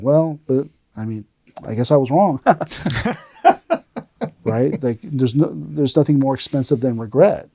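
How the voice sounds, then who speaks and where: This middle-aged aikido instructor speaks unhurriedly, with vocal fry and long pauses in his medium-pitched voice. As host of a casual podcast, he tells his stories animatedly and performs the lines he quotes. There is no echo on the track.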